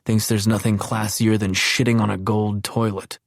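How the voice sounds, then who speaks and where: A frail old man near death, wry and genteel, with a sly, knowing undertone, read by a man. The voice is deep and close, with a dry, dead sound and no room around it. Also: little pitch movement, moderate pace, vocal fry, no echo.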